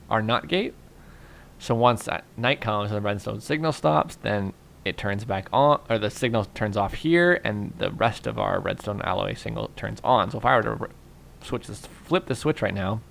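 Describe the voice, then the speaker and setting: A young man with a low, gravelly voice talks through his game build in a loose, rambling way, thinking aloud and reaching for filler words. He sounds tired and keeps yawning. A faint hiss sits under the recording. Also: a bit bright. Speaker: gaming YouTuber. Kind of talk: casual Minecraft commentary.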